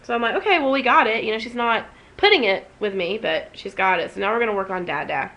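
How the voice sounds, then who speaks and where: In this casual emotional vlog, a young adult woman speaking from home rambles and restarts many times. She talks quickly in a medium-pitched, somewhat bright voice with vocal fry, and the audio quality is poor.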